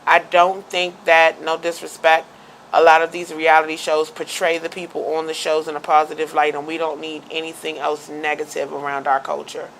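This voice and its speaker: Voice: medium pitch, completely flat delivery, moderate pace, fairly bright tone, a little hiss or hum, poor audio. A talk show host, arguing emphatically in casual debate and signing off the show. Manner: emphatic, argumentative, stammers into points.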